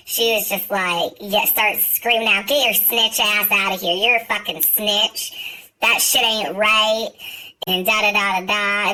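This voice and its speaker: A woman's voice: medium pitch, pushed and bright, low-quality recording. A woman vlogger telling a story in a chatty, profane way, full of fillers and asides. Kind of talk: casual storytime vlog.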